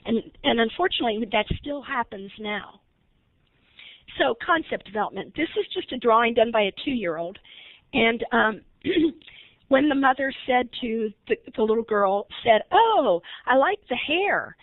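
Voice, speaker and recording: A woman's voice: on the high side, animated, moderate pace, dry recording. A woman leading a recorded webinar training, talking conversationally and asking her audience questions. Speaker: early intervention trainer. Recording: tinny phone-like line, dry.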